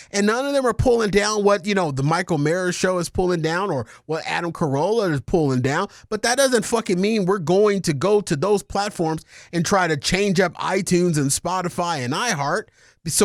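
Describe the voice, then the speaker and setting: A man's voice: sits high, no room sound, studio quality. Profane, ranting male podcast co-host. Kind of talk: casual podcast chat.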